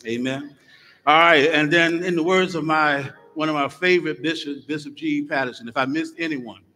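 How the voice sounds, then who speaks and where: A middle-aged man, a guest minister, opening his sermon with lively, joking stories for the congregation in a church. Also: medium pitch. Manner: lively storytelling, jokes with the congregation. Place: church sanctuary. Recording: long church hall reverb.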